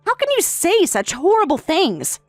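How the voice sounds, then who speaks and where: A woman voicing a calm, sarcastic wife in a text-message story, speaking in a matter-of-fact way. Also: extremely high pitch, normal speed, dry recording, soft background music. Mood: cool, sarcastic. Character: calm, sarcastic wife who has left her husband.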